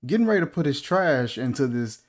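A man's voice: mid-range voice, big pitch swings, a little fast. A man hosting a casual movie reaction, joking and incredulous, asking one rhetorical question after another.

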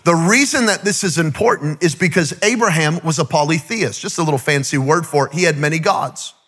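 A man preaching an energetic sermon as guest pastor, with rising fervor and shouted calls to the crowd. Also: on the high side, brisk, breathy edge.

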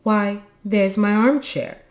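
A woman voicing a big male storybook creature, loud and indignant. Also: medium pitch, slow, voice pushed up, close to an everyday voice.

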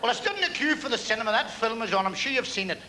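A male stand-up comedian rattling off one-liners with pauses for punchlines, performing on a large theatre stage. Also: very high voice, big pitch swings. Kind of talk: stage stand-up at a variety gala. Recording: archive theatre recording with long hall echo and hiss.

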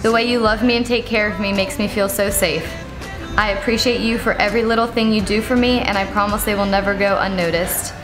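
A young bride in her twenties reads a letter with sincere warmth of feeling. Her voice sits at a mid pitch for a woman. Music plays clearly beneath her. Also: steady tone, fairly quick. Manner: heartfelt and sincere. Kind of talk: reading a letter. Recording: with music playing over it.

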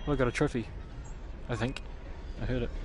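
A man streaming a game live, swearing often and yelping and shouting at what happens on screen. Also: mid-range voice, steady tone, fairly quick, heavy background noise. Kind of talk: live gameplay commentary. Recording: loud game sound behind the voice. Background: loud video game audio.

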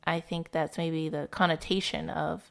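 A woman co-hosting a book podcast in casual chat, thoughtful and quick to laugh. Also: deep voice, fairly even intonation, gravelly. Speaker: podcast co-host.

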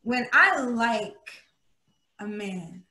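Bright high-voiced woman, echoey room. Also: very slow. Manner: animated, expressive storytelling. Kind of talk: casual chat.

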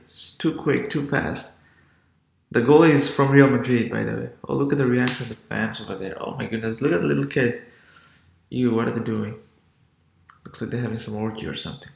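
A man giving excited casual reaction commentary as a sports vlogger, exclaiming often. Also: medium pitch, gravelly, reverberant.

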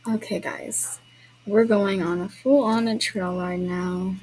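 A young woman's husky, slightly mellow mid-range voice moves slowly with fairly even intonation as she gives casual commentary during an online horse-riding trail ride. She chats to viewers and apologizes with small laughs, though the audio is poor.

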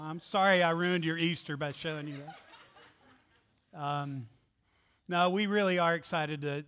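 A man preaching as pastor, joking with his congregation and reading scripture aloud in an animated way. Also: fairly high pitch. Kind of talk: sermon. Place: church sanctuary.

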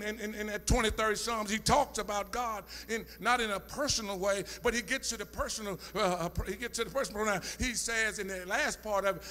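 Preacher man, real high bright voice, singsong shouty sermon, big echoey church. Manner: rhythmic call-and-response preaching, swelling into shouts and sung phrases. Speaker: pastor. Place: church sanctuary.

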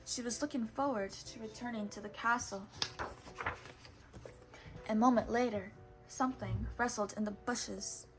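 A woman reads a children's storybook aloud, steady and patient. Her voice sits fairly high. She sometimes stops to correct a word and carries on. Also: measured pace, pauses often, over music. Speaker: storybook reader.

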